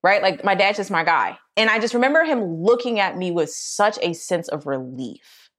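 A young adult woman co-hosting a podcast, telling a personal story in casual chat and acting out quoted voices. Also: normal speed. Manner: animated, acts out quotes in a high voice. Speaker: podcast co-host.

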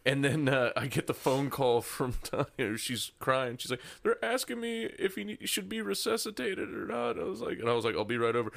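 A man's voice: medium pitch, big pitch swings, a little fast, creaky, few pauses, a bit bright. A man on a podcast chatting casually, telling a long story with plenty of swearing. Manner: profane, rambling storyteller. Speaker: podcast host. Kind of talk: casual chat.

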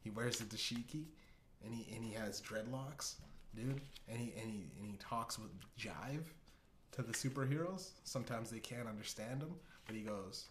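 The host of a casual comedy show riffs in a medium-pitched, fairly bright voice at normal speed, rambling and profane with many restarts. The room sounds echoey with a faint hiss.

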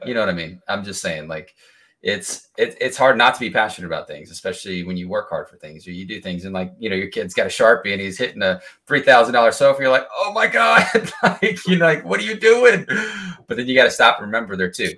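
A man co-hosting a podcast, talking animatedly and breaking into excited exclamations. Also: low voice, fast talker. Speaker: podcast co-host. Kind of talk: casual chat.

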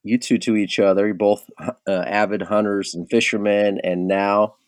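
A man hosting a podcast, chatting in a relaxed way with his guest. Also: fairly low pitch, moderate pace, no echo. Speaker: podcast host. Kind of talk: casual interview chat.

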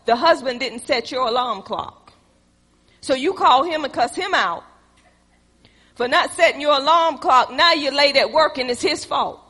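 A woman's voice: high voice, unhurried, sharp tone, in a large hall. A woman preaching a sermon, emphatic and conversational with playful asides.

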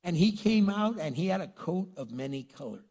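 A man preaching a sermon, retelling a story in a lively, conversational way and acting out the characters. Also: high voice, moderate pace. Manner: animated storytelling, acts out characters. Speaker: pastor. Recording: long reverb in a large hall.

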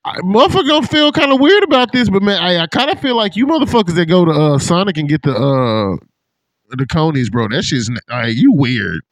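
A man hosting a casual chat, telling profane, animated stories and acting out what people said. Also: sits high, a little fast, no echo. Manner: animated, profane storytelling with put-on quotes. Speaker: podcast host.

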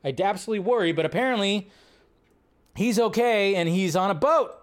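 A man's voice: high-pitched, fairly quick. A man hosting a live movie news stream, joking, reacting to chat and riffing casually.

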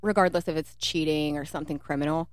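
Woman, low pitch, blunt and profane, casual chat, dry recording. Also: fairly even intonation, fast talker, dry recording. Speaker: podcast co-host.

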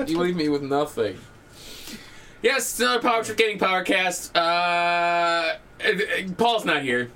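A man hosting a casual gaming podcast, loud and joking, laughing often. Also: high voice, expressive, measured pace. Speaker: podcast host.

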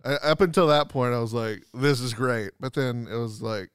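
A man's voice: medium pitch, fairly quick, clear, resonant tone, dry recording, studio quality. A man co-hosting a podcast who chats casually about films, acting out quotes in silly voices and laughing often. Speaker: podcast co-host. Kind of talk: casual movie chat.

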